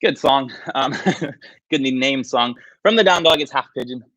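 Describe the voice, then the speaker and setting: A man's voice: medium pitch, measured pace, fairly bright tone, lo-fi sound, a little hiss or hum. A man leading a livestreamed yoga class, casually counting down poses while out of breath. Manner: counts down holds, casual and chatty. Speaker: yoga instructor. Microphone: livestream mic.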